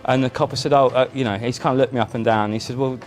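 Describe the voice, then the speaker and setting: A man, a musician guest in a casual chat, telling animated stories with frequent restarts. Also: medium pitch, quick pace, soft background music. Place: indoor chat.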